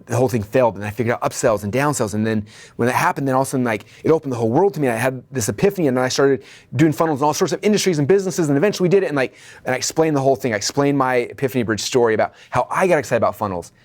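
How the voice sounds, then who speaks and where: Male business coach, quick and energetic delivery, acts out dialogue in his stories, middle-range pitch. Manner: energetic, checks in with "okay?" and "right?". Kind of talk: training lesson.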